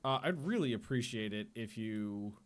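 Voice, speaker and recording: A man's voice: on the low side, lively intonation, moderate pace. Rambling, laughing man streaming a game. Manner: rambling and self-interrupting, laughs often. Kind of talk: casual gameplay livestream chat.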